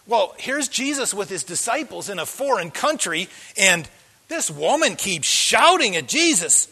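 A man preaching a sermon as pastor, telling the story with animated delivery and acting out the voices in it. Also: sits high, moderate pace, breathy edge. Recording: long hall reverb.

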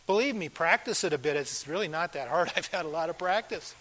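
An older pastor delivering a sermon in a fairly high voice. He talks earnestly, swelling into loud emphatic lines and then sinking to near-hushed asides. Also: lively intonation, fairly quick. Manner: earnest, swings between loud emphasis and soft quiet asides.

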